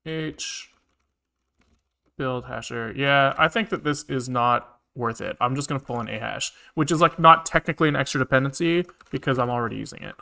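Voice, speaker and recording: Man, gravelly bright voice, muttering while coding, casual swearing, keyboard clicking behind. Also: medium pitch, normal speed. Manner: muttering to himself, mild frustration, swears casually. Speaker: programming streamer. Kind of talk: casual live coding think-aloud. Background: keyboard typing and clicking.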